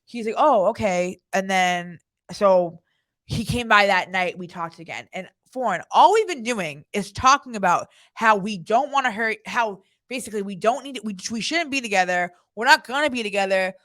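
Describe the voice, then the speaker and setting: A woman's voice: mid-range voice, animated, normal speed, fairly bright tone. A woman co-hosting a podcast, telling a story in casual chat, filling her speech with "like". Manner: chatty storytelling, many fillers like "like". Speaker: podcast co-host.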